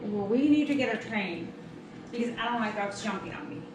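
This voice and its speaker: Female dog owner, high voice, far from the mic in an echoey room with noise behind. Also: brisk. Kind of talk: casual chat.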